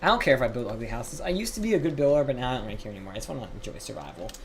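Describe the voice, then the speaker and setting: A man's voice: medium pitch, very animated, racing, a little hiss or hum. A young man telling a rambling, profane story while streaming a game live.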